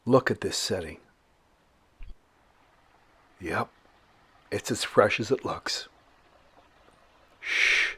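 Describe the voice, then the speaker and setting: A man hosting and narrating a documentary-style outdoor show in a measured, dramatic storyteller manner. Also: on the low side, a bit bright, slightly rough. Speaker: host.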